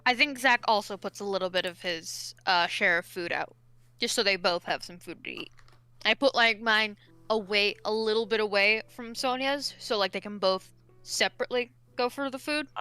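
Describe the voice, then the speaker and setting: A woman's voice: mid-range voice, moderate pace, bright, forceful tone, clean tone, no echo, soft background music. A woman playing a tabletop game, eager and full of questions. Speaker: player.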